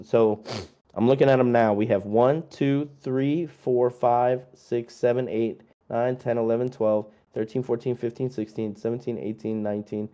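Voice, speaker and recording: A man's voice: medium pitch, steady tone, moderate pace, warm tone, clear, resonant tone. A young man, a musician guest, chatting casually through a long list of his releases, rambling and joking with lots of fillers.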